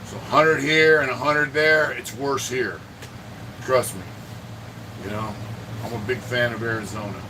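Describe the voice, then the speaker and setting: A man's voice: medium pitch, steady tone, unhurried, long pauses, recorded from a distance, noisy background. Profane man rambling on a livestream. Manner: profane, rambling, greets viewers by name. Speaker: livestream host. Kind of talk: casual livestream chat. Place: indoor home art studio.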